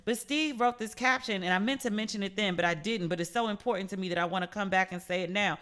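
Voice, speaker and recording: Woman doing her podcast solo, bright clear voice, chatty and animated, goofy little asides. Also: medium pitch, quick pace. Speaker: podcast host. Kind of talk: casual solo podcast commentary.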